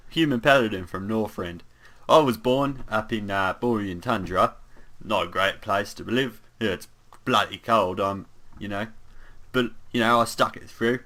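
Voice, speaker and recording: A man's voice: on the low side, fairly bright tone, lightly acted. A man voicing a bumbling, easygoing young human paladin in an in-character monologue, rambling with lots of fillers and asides.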